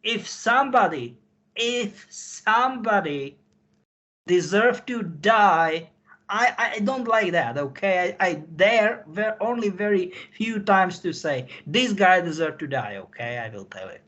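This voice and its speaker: A man's voice: high-pitched, expressive, a little slow, sharp tone, muffled recording. A man in an emotional call chat, repeating himself and apologizing, with non-native phrasing. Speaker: insider guest recounting missions.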